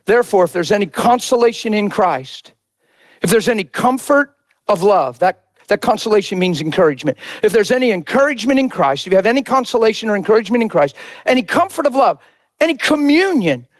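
A man preaching a sermon in a strikingly high, animated voice that leaps up and down in pitch. He swings from fervent shouts to quiet, close asides. The sound is dry and close, with no room around it. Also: no echo. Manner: impassioned, swings between shouting and soft, intimate asides.

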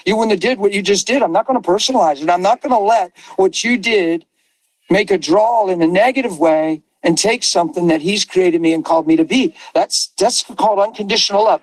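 A man's voice: high voice, dry recording, rough recording. A man teaching Christian ideas in conversation, emphatic and repeating phrases for stress. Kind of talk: preaching in conversation.

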